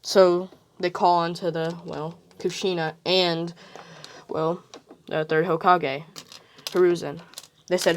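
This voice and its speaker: A woman's voice: fairly low pitch, little pitch movement, takes it slowly, pauses often. A woman casually retelling a fan what-if story, rambling with fillers and "like".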